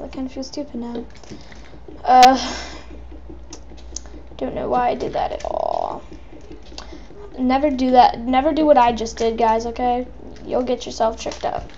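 Excitable high-voiced woman gamer. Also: lo-fi sound, slight background noise. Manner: excitable, chatty, talks to viewers. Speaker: let's play gamer. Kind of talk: live gameplay commentary.

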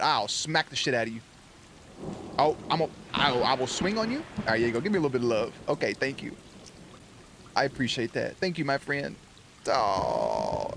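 Excitable man reacting to a game. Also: medium pitch, slight background noise. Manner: excitable and playful, baby-talks to game cats. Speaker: gaming YouTuber. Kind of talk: let's play commentary.

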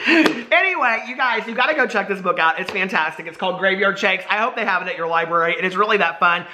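A man's voice: a little high, expressive, fairly quick, sharp tone. A man in his forties, chatting animatedly through a casual book review vlog, full of asides and laughter.

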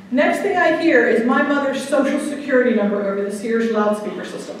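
Woman guest speaker, fairly high voice, anecdotal style, distant mic in a very echoey hall. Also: lively intonation, a little fast, a little hiss or hum. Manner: chatty, storytelling, checks in with the audience. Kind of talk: anecdotal talk to a club audience. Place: meeting room.

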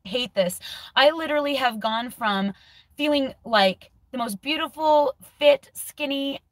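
A woman's voice: high-pitched, measured pace, no room sound. A woman in her forties talking candidly in a personal video diary, thinking aloud, sometimes restarting her sentences. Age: 40s. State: close to tears. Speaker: vlogger.

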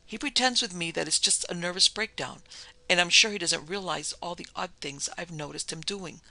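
A narrator voicing Mrs Pender, an anxious, timid middle-aged wife who rushes her words nervously. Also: lowish voice, bright, forceful tone, no room sound. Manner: nervous, tremulous rush of words.

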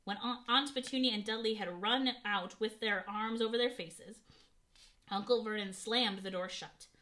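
Woman, audiobook reader, bright clear tone, expressive storytelling. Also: medium pitch, moderate pace. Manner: expressive reading with voiced dialogue. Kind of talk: reading a novel aloud.

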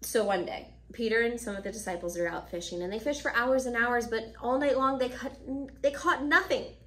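A woman's voice: a little high, brisk. Woman telling a Bible story to kids. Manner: animated storyteller acting out dialogue lines. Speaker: children's ministry teacher. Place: church.

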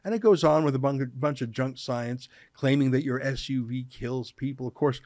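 A middle-aged Canadian man hosting an opinion show, talking in an emphatic, sarcastic way and slowing down to stress his words. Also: medium pitch, a little mellow, dry recording, clean studio sound. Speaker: show host. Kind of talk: opinion commentary.

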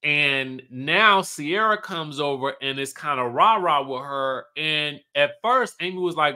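A chatty man recaps a reality TV episode for his channel in a casual, animated way, slipping into the cast's lines as he tells it. His voice sits a little high for a man and has a bright, forceful edge. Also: measured pace, few pauses. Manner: chatty and animated, acts out cast members' lines.

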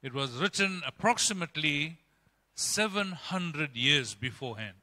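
A man preaching in a church, his voice pitched high for a man and strikingly bright and forceful. He delivers the sermon emphatically, swinging between raised and hushed passages, while a long reverb trails behind every phrase. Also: animated, a little slow. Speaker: pastor.

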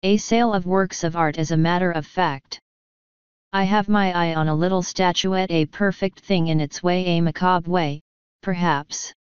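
A cold aristocratic lord speaks in clipped, disdainful phrases, voiced by a woman reading an audiobook. The voice sits low and very clean. The recording is dry and slightly muffled. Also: steady tone, normal speed, clean tone, dry recording, lightly acted. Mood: suave. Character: cold sneering aristocratic English lord, middle-aged man.

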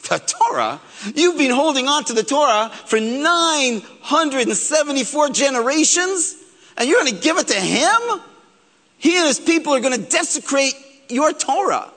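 A man voicing a chorus of jealous angels, shrill and outraged, in a large reverberant hall. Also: wildly swooping pitch, slow, hardly any pauses, bright, forceful tone, breathy edge, heavily acted. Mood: indignant. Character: indignant squabbling heavenly angels, jealous.

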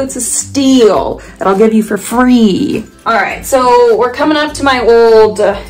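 A woman's voice: fairly high pitch, rough recording. A young woman from California chatting casually and playfully in her own vlog. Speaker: vlogger.

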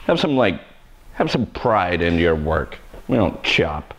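Male stylist host, blunt joker, swoops up and down a lot, low-set voice. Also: big pitch swings, takes it slowly, dull audio. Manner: wisecracking, self-mocking, blunt. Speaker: hairstylist host of live haircutting show. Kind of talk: live haircut tutorial with joking banter.

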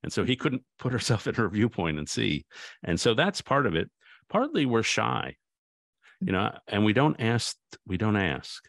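A man with a very low, gravelly voice speaks as a guest author in a reflective conversation. He sounds thoughtful and tells stories, often restarting his sentences mid-thought. The recording is close and dry, with no room sound. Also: very animated, moderate pace, fairly bright tone, no echo. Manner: thoughtful, anecdotal, with frequent restarts.

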